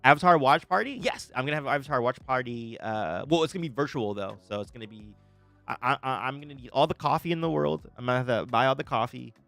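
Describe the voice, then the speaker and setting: A young man hosting a live stream, reacting to a trailer with excited, stammering restarts and frequent laughter, greeting viewers in chat. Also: mid-range voice, fast, gravelly, faint music behind. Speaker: livestream host reacting to a trailer.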